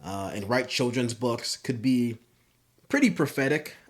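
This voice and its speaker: A man's voice: mid-range voice, animated, unhurried. A young man giving a casual comedic commentary, rambling with lots of fillers and swearing, speaking into a home microphone. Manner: rambling, filler-heavy, profane. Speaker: YouTube commentator.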